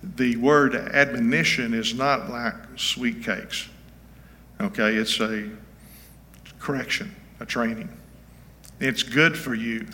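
A man's voice: medium pitch, sharp tone, slight background noise. A man in his seventies, a pastor giving an informal, folksy teaching sermon and often checking in with his listeners. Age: 70s. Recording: reverberant hall.

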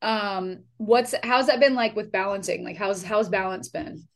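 A woman's voice: mid-range voice, fairly even intonation, unhurried. A woman hosting a podcast, chatting casually with loose swearing and lots of fillers and restarts. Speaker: podcast host.

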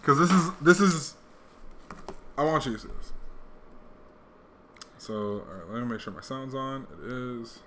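A man co-hosting a casual podcast chat, slangy and animated, often acting out quotes in lively voices. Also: mid-range voice, unhurried, long pauses, a little hiss or hum. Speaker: podcast co-host.

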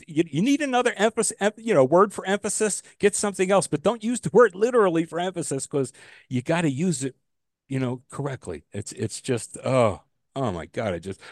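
A man's voice: a little high, darkish tone, no room sound, studio quality. Swearing, ranting male podcast co-host. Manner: ranting, swears freely, repeats and restarts. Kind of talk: casual podcast chat.

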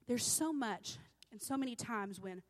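A woman's voice: fairly high pitch, animated, measured pace. Woman preaching emphatically in a reverberant hall. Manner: emphatic, repeating phrases for weight. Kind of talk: sermon with scripture reading.

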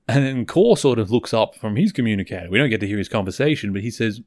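A man's voice: lowish voice, fast talker, few pauses, no echo, clean studio sound. A man hosting a podcast, casually recapping a TV episode and acting out the characters' lines as he goes. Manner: animated retelling, acts out quotes. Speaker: podcast host.

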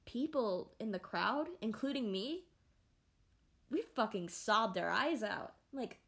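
A young adult woman hosting a casual podcast, talking in a rambling, animated way with many fillers and restarts. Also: fairly high pitch, slow pace, creaky. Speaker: podcast host. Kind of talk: casual solo podcast chat.

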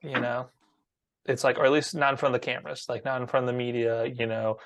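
A man co-hosts a casual sports conversation in a relaxed, thoughtful way. He often hedges his opinions with "I think" and talks at an easy, conversational pitch. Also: fast talker. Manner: laid-back, reflective, hedges with "I think".

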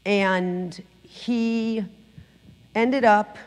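A middle-aged woman sharing her personal testimony in church, telling the story with lively acted-out quotes. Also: mid-range voice, very slow, clear, resonant tone, big-room sound. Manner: animated storytelling, acting out quotes. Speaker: guest speaker giving testimony. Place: church sanctuary.

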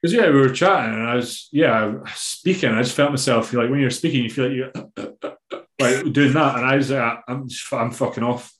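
A Scottish man chats casually as a bodybuilding coach, sprinkling his stories with swearing and fillers. His voice sits at an ordinary pitch. The recording has a noticeably roomy echo. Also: normal speed. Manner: swears freely, relaxed storytelling with many fillers. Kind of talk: casual podcast chat.

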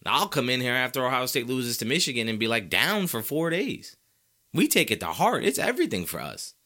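A man's voice: mid-range voice, bright, forceful tone. A man hosting a sports talk show, ranting and fired up, hammering his points with emphatic repetition. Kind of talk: opinionated sports commentary.

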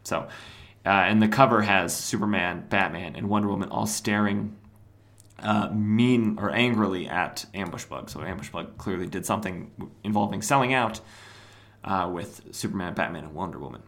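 A man's voice: deep voice, normal speed, fairly bright tone. A man hosting a podcast, casually recapping an old comic with rambling asides. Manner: rambling, many fillers, chuckles at own asides. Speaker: podcast host.

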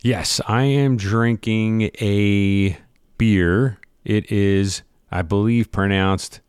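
A man's voice: lowish voice, fairly even intonation, extremely slow, darkish tone, clean tone, no echo, clean studio sound. A man co-hosting a podcast in casual chat over beers, playful and teasing with a mock-fancy streak. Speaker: podcast co-host.

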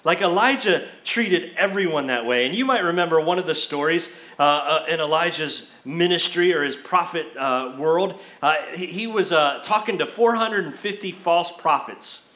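Male pastor, sermon, casual storytelling, high voice, echoey church room. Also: moderate pace, few pauses. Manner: animated, conversational storytelling.

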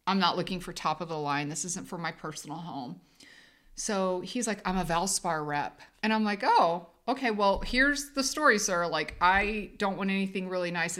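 On a podcast she co-hosts, a woman with a slightly bright, low-leaning voice meanders through a casual story, punctuated by plenty of laughter.

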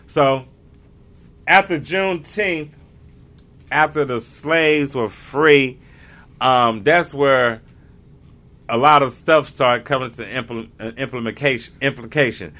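This male vlogger from the United States speaks slowly with long pauses, in a mid-range voice that's bright and forceful. He rambles casually, restarting often while hunting for words.

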